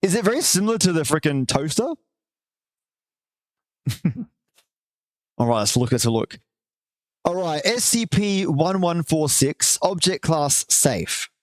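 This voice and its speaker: A man hosting a live stream, chatting casually and warmly with viewers and reading aloud, with the odd swear. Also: fairly high pitch, expressive, a little slow, long pauses, no room sound. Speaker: livestream host.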